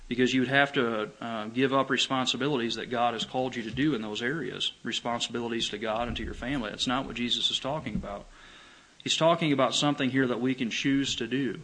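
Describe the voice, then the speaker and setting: A man preaching a sermon in an earnest way, asking rhetorical questions and stressing words gently. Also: medium pitch, rough recording. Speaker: pastor.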